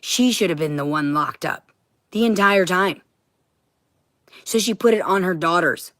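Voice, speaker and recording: A woman talking to camera in a heated, profane monologue that keeps bursting into shouting. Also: lowish voice, a little slow, long pauses, dry recording, studio quality.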